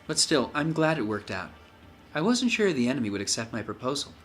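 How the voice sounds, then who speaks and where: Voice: medium pitch, very animated, brisk, faint music behind. A let's play host reading game dialogue aloud, with jokey asides between lines.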